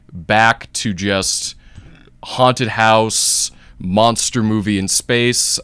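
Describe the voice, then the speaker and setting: A man's voice: fairly low pitch, fairly bright tone, smooth, no echo. A man co-hosting a casual movie review chat, telling the story with some dramatic flair. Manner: enthusiastic, tells plots with dramatic flair.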